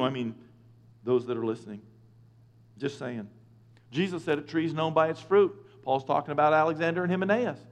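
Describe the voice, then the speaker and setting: Brief: male preacher with a high voice, chatty and joking sermon style, long hall reverb. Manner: lively, joking, with quick asides. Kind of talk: conversational sermon.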